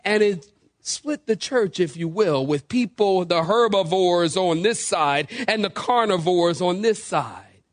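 A man's voice: high voice, a little slow, no echo. A man preaching a sermon as pastor, joking and calling for responses from the congregation. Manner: animated, joking, acts out quoted people.

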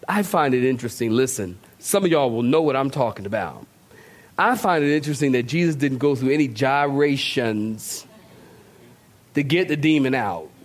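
Male pastor, high voice, informal sermon with lots of banter. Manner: conversational, joking with the congregation.

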